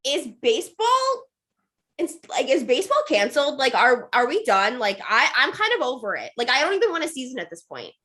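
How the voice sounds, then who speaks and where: A woman's voice: high voice, wildly swooping pitch, fairly quick, bright, forceful tone. A woman co-hosting a podcast in casual sports chat, opinionated and emphatic. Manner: opinionated, emphatic, cheers her co-host on. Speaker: podcast co-host.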